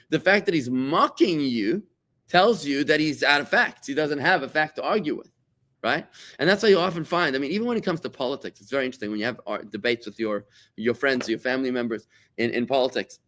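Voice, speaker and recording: A middle-aged man from South Africa, a rabbi giving a conversational class, animated and quick to act out quoted voices. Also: a little high. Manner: animated, repeats words, acts out quoted voices.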